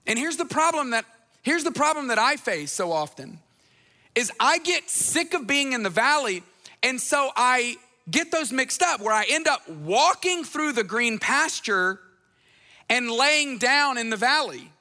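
A man's voice: very high voice, very animated, measured pace, bright, forceful tone, in a large hall. A man preaching a sermon as pastor, talking in a conversational way and acting out the people in the stories he tells. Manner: conversational, acts out voices in retellings.

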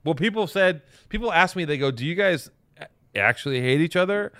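A man's voice: a little high, expressive, brisk, fairly bright tone. A man co-hosting a podcast, profane and combative as he rants at his co-host. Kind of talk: casual banter.

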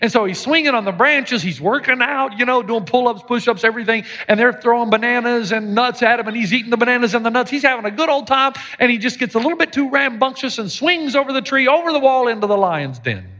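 Animated preaching pastor in a reverberant hall. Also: male voice, very high voice, fast, few pauses. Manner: animated preaching with jokes and sudden shouted lines. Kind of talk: sermon. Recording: live sermon with long hall reverb.

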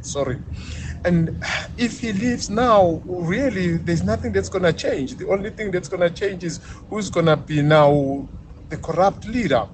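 A young South African man leaving a frustrated, exasperated voice note for a radio show. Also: fairly high pitch. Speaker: caller sending a voice note. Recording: noisy voice note.

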